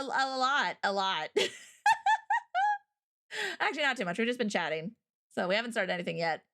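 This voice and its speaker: A woman's voice: medium pitch, sharp tone. A woman hosting a livestream, chatting casually and rambling through stories and viewer comments, often breaking into laughter. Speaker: livestream host.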